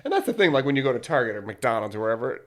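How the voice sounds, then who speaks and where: A woman's voice: rumbling low, big pitch swings, racing. A woman in her forties co-hosting a podcast, giving frank commentary in casual chat. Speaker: podcast co-host.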